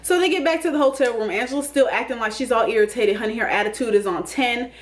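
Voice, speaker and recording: A woman's voice: fairly high pitch, quick pace. Sassy woman recapping reality TV. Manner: sassy, calls people honey and baby, laughs often. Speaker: YouTube TV recap host. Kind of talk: casual comedic recap commentary.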